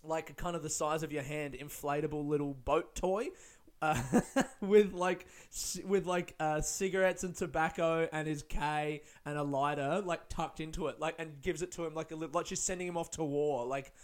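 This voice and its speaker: A man's voice: on the high side, steady tone, normal speed. A young man telling a rambling, swear-filled story, full of fillers and laughs. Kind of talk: casual storytelling.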